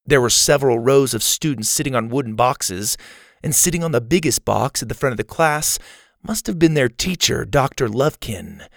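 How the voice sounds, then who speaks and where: A man reads a children's adventure story aloud with steady storytelling. His mid-range voice carries a gravelly edge. The recording is close and dry. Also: medium pitch, moderate pace, no echo. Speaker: narrator. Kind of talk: audiobook narration.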